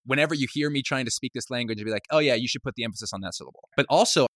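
A man's voice: mid-range voice, sharp tone, dry recording, clean studio sound. A man hosting a podcast, talking in an earnest, searching way with many hedges. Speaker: podcast host. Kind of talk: reflective podcast talk.

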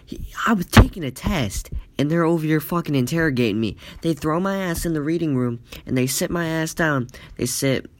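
A man's voice: a little high, animated, a little fast, few pauses, a little hiss or hum. Rambling profane storytime guy. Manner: profane, rambling, full of "like" fillers. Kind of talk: casual storytime.

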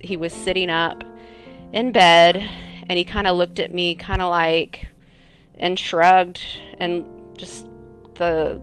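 A woman telling a personal story in an earnest, halting way, as an interviewee. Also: fairly low pitch, a bit bright. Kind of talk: personal recollection.

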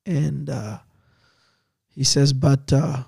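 A man, a missionary pastor, excitedly telling a personal story in quick bursts. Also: medium pitch, gravelly, husky, dry recording, studio quality.

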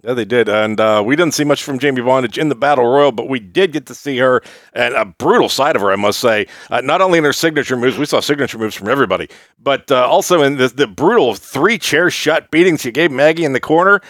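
A man's voice: mid-range voice, lively intonation, fast talker, fairly bright tone, no room sound, clean studio sound. A man hosting a wrestling podcast, chatty and laughing a lot as he eggs on his co-host. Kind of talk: casual podcast chat.

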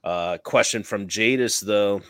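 A man hosting a casual fantasy football podcast, chatty and quick to laugh at himself. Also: on the low side, a bit bright, clean tone, no echo, studio quality. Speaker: podcast host.

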